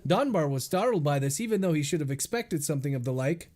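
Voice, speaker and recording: A male author reads his novel aloud as dictation, and he names each comma, period and paragraph break. His voice sits a little high. The delivery is steady and methodical. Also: fast.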